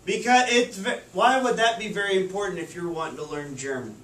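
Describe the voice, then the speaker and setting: A man's voice: high voice, sing-song, a little fast, a bit bright. A male teacher, leading a classroom lesson by asking the class questions and repeating their answers. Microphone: far camera. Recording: echoey classroom from far off.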